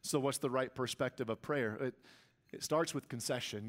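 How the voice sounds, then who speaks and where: A man's voice: medium pitch, normal speed, fairly bright tone. A man preaching a sermon as pastor, with emphatic delivery that rises and swells on key lines.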